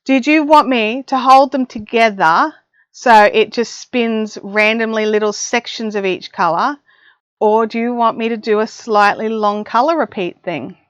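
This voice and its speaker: Her voice sits fairly high, clear and resonant, with a measured pace and no room sound. She's a middle-aged Australian chatting self-deprecatingly with viewers on a casual craft livestream from her home craft room, speaking into a desk mic while wearing headphones, in dry, dull, lo-fi audio.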